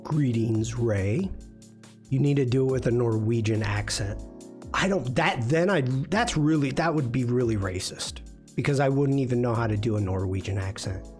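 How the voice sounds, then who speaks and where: A man's voice: mid-range voice, normal speed, darkish tone, soft background music. A man hosting a casual livestream critique, chatty and self-deprecating, reviewing viewers' work. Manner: chatty, self-deprecating, many fillers and restarts. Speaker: livestream host and design instructor.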